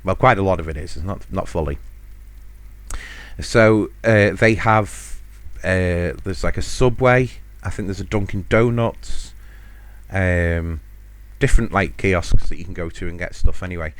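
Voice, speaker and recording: Deep-voiced man telling stories. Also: measured pace. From United Kingdom. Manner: rambling and self-mocking, chuckling often. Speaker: podcast host. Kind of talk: casual solo storytelling.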